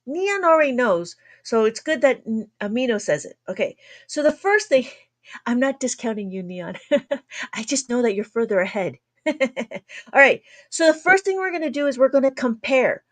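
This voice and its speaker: A woman teaching long division on an abacus in a chatty livestream lesson, laughing often and trying to slow her usually fast talk. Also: fairly high pitch, sing-song.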